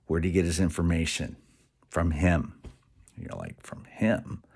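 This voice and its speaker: A man talking in a rambling, animated monologue, acting out quoted voices and dropping now and then to a whisper. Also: low-pitched, moderate pace, creaky, husky.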